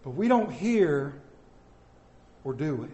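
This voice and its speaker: A middle-aged man preaching a sermon as the church's pastor, telling stories and dropping from loud to soft. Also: a little high, big pitch swings, slow pace, muffled recording. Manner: storytelling, swinging between soft and loud. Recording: echoey church hall.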